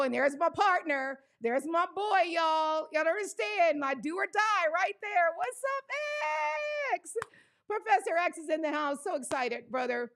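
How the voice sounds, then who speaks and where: An exuberant woman hosts a live stream, calling out greetings to viewers with whoops and laughter. Her voice sits high, with a gravelly fry running through it. She talks casually, often saying "y'all.". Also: fairly bright tone. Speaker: livestream host.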